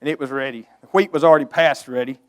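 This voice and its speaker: A man's voice: mid-range voice, steady tone, fast talker, clean tone. A middle-aged man preaching a storytelling sermon, earnest and emotional, swelling to emphatic outbursts.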